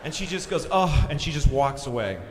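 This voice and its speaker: A middle-aged man doing a stand-up comedy routine on a large theater stage, telling stories with lively voices and shouted punchlines. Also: medium pitch, a little fast, slight background noise. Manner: animated storytelling, acting out voices, shouting punchlines. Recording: live hall recording with crowd laughter. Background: audience laughter.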